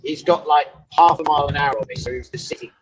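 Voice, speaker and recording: A man's voice: on the high side, fairly even intonation, fast talker, slightly rough, poor audio. A truck driver chatting casually from his cab on the road, spinning absurd stories and laughing a lot. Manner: playful, spins long absurd stories with lots of laughing. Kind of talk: casual chat.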